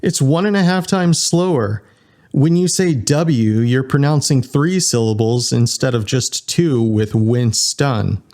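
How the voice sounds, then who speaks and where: A man's voice: mid-range voice, lively intonation, unhurried, darkish tone. A man voicing a cocky, pedantic punk dog-man in an audiobook. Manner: pedantic, nitpicking.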